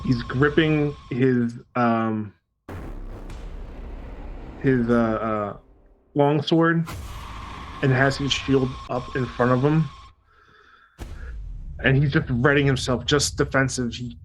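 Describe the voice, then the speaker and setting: A man playing a tabletop game, describing his character in a hesitant, halting way. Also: mid-range voice, a little hiss or hum, poor audio. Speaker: player.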